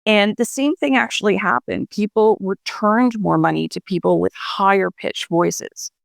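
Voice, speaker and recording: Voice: mid-range voice, a little slow, creaky, dry recording, clean studio sound. A guest explaining voice research in a radio interview, talking it through with fillers and restarts.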